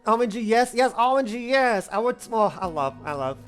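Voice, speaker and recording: Animated woman streamer, faint music. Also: on the high side, fairly quick. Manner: animated, swears, talks to chat. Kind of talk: casual gaming livestream.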